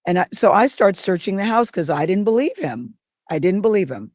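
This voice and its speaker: A woman as an interview guest, telling a personal story in a lively way and acting out what people said. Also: medium pitch, a little fast, no room sound, studio quality. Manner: animated, acts out quotes. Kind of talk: anecdotal storytelling.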